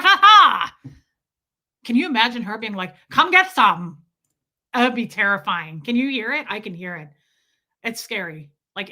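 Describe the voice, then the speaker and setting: A woman's voice: mid-range voice, pushed and bright. A woman from the United States hosting a casual livestream, chatting animatedly with many fillers and reading viewer comments aloud. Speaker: livestream host.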